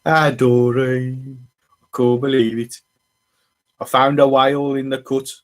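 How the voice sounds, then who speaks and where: A man's voice: medium pitch, level tone, slow pace, natural voice. A man putting on a broad, exaggerated Black Country accent to play a local character. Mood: astonished. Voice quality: broad, put-on dialect.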